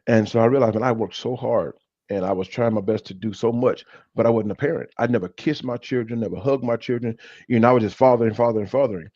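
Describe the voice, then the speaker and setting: A man's voice: medium pitch, quick pace, dark tone, dry recording. A man co-hosting a church talk show, telling personal stories earnestly and often restarting his sentences. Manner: earnest storytelling with many restarts. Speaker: church leader and co-host. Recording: dull, dry lo-fi sound.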